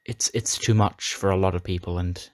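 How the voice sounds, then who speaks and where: A man with a somewhat low voice talks through his wrestling sim playthrough in a casual recap. He tells the storylines with chatty, dramatic flair, and his voice sounds dry and close to the mic. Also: fairly even intonation, moderate pace, darkish tone, no echo. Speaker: gaming YouTuber.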